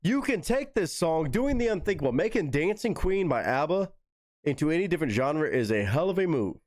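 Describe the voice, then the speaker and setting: A man hosting a live stream reacts to a song with enthusiastic, profanity-laced commentary while talking to viewers in chat. His voice is a little high and darkish, with big pitch swings and a slightly fast pace, recorded at studio quality with no echo.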